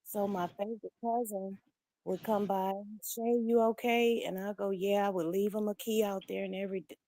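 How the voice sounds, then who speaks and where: A woman's voice: medium pitch, a little fast, no room sound. Blunt woman telling a story. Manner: blunt, animated storytelling, acting out quoted dialogue. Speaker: livestream caller. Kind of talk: candid personal story on a livestream. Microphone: remote call audio, sometimes low volume.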